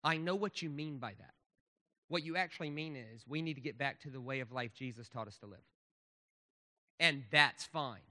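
A man's voice: mid-range voice, moderate pace, bright, forceful tone, big-room sound. A man pastor giving a conversational sermon, asking the audience rhetorical questions.

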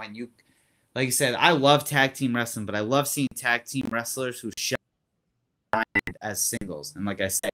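Male co-host, mid pitch, bright tone, easygoing wrestling chat.

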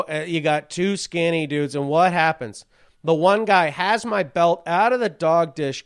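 A man hosting a comedy podcast, telling stories and reading news in a profane, ranting way with loud outbursts. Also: sits high, clear, resonant tone. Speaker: podcast host. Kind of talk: comedic rant and storytelling.

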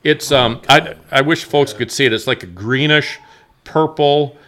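Bright-voiced joking man in casual banter. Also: mid-range voice, unhurried. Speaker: podcast co-host. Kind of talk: casual chat.

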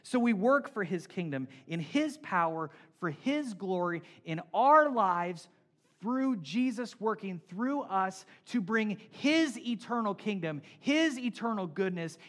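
A man preaching a sermon, building emphasis through lists and dropping to quiet closes. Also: high voice. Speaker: pastor.

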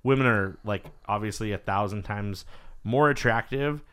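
Hombre animado que cuenta anécdotas. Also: male voice, on the low side, moderate pace, smooth. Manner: animated storyteller, swears freely, acts out quotes. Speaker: podcast host. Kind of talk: casual chat.

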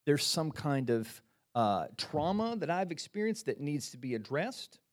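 A middle-aged man preaching a sermon in a conversational, animated way, often repeating phrases and restarting sentences. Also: fairly high pitch, measured pace. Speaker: pastor.

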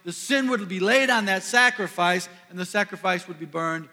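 High, bright-voiced preaching pastor. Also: male voice, moderate pace. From US Midwest. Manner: earnest, builds to emphatic peaks then drops soft. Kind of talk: sermon. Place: church sanctuary. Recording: long reverb of a large hall.

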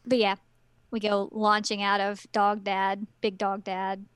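A woman's voice: mid-range voice, monotone, a little slow, a bit bright, smooth, dry recording. A woman co-hosting a podcast, recapping an anime in casual chat with giggly, wry asides. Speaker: podcast co-host.

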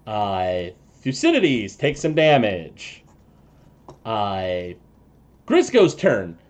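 A man's voice: fairly low pitch, wildly swooping pitch. A man running a tabletop game as game master, narrating the action with frequent fillers and restarts. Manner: halting, many fillers and restarts.

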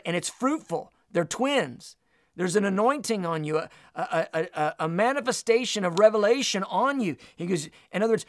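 High gravelly male preacher. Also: moderate pace, no room sound, clean studio sound. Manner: earnest, repeats words as he goes. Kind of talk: sermon.

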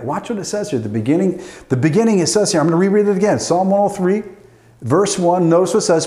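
Man preaching emphatic, high voice, echoey room w faint music under it. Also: animated, fast, a little mellow. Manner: emphatic preaching with call-outs to the audience. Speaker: pastor. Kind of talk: sermon. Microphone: online streamed service.

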